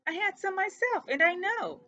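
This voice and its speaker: Storybook figure: woman reading as a kind young mouse cousin, very high, wide-eyed and insistent. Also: very animated, moderate pace, sharp tone, heavily acted. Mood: curious.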